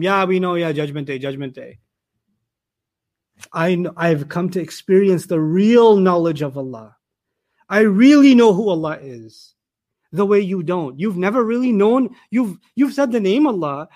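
A man's voice: sits high, a little mellow. A man giving a Quran commentary lecture, emphatic and repeating phrases for stress. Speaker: Quran teacher.

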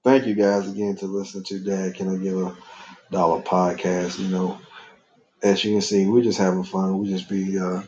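A man's voice: deep voice, a little mellow. A man hosting a podcast with his son, chatting casually in a loose, rambling way and laughing easily. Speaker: podcast host and father. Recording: echoey, dull lo-fi room sound.

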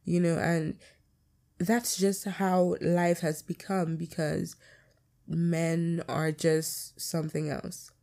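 A woman's voice: fairly low pitch, little pitch movement, takes it slowly, vocal fry, mellow. A young adult woman hosting her own podcast, talking casually and bluntly about her life, swearing freely. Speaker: podcast host.

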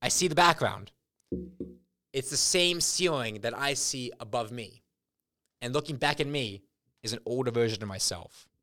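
A man's voice: mid-range voice, moderate pace, long pauses, no echo, studio quality. Rambling young man telling absurd stories. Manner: rambling, absurd deadpan storytelling. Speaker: podcast co-host. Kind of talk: casual chat.

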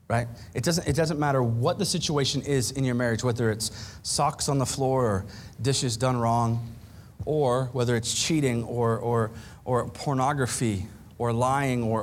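A man preaching a sermon on marriage, animated, acting out quoted arguments between spouses. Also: mid-range voice, a little hiss or hum. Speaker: pastor.

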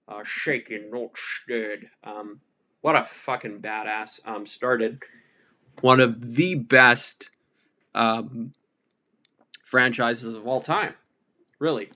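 A man's voice: mid-range voice, takes it slowly, pauses often, pushed and bright. A man hosting a solo podcast, talking casually in an irreverent, profane, rambling way full of fillers. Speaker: podcast host.

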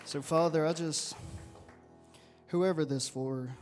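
A man leads an earnest spoken prayer in a level, even tone, his pitch barely moving. Soft instrumental music plays faintly behind him. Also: moderate pace. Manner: earnest, steady, repeating "Father" and "I just". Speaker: prayer leader.

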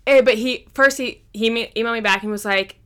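A woman's voice: a little high, brisk, a bit bright, smooth. A woman chatting casually as a podcast co-host, swearing freely and acting out quotes as she tells stories. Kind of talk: casual chat.

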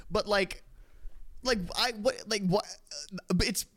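A man's voice: sits high, unhurried, a bit bright. A young man co-hosting a podcast, telling a rambling, profane story full of laughter in casual chat. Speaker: podcast co-host.

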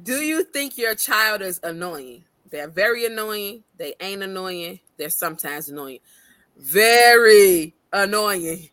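A woman's voice: medium pitch, animated, measured pace, hardly any pauses, pushed and bright, dry recording. Laughing, slangy woman co-host. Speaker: podcast co-host. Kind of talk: casual chat.

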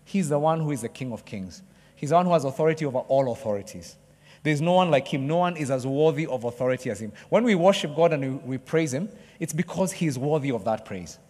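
Man, higher-pitched preacher, chatty sermon with playful asides, long hall reverb. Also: quick pace. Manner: conversational, playful with the congregation, bursts into excited cheering.

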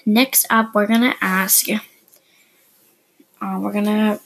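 Woman, podcast host, beginner Spanish lesson, husky breathy tone, chatty, explanatory, soft asides. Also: medium pitch, little pitch movement, drawn-out words, low-quality recording. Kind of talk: casual beginner language lesson.

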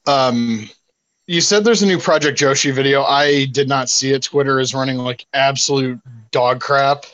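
A man's voice: medium pitch, normal speed, a bit bright, no echo, rough recording. A young man hosting a podcast, casually rambling and cussing as he chats. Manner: rambling, laughing, profane storytelling. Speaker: podcast host. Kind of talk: casual chat.

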